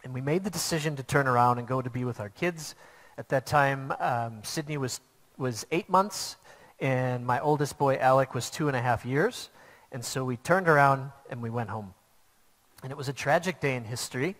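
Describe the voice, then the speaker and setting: A man's voice: medium pitch, normal speed, a bit bright. Earnest male preacher in a reverberant hall. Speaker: pastor. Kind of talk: sermon.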